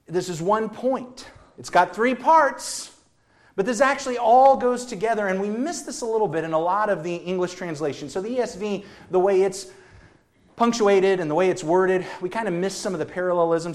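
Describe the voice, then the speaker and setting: A preacher delivering a sermon, emphatic and building through repeated phrases, swinging between hushed passages and loud emphasis. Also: medium pitch.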